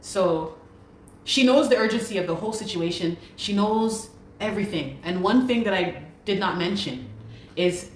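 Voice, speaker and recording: A woman's voice: medium pitch, expressive, moderate pace, a little hiss or hum. Urgent woman in an echoey room. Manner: urgent, repeats her pleas. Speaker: guest. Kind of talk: telling her story.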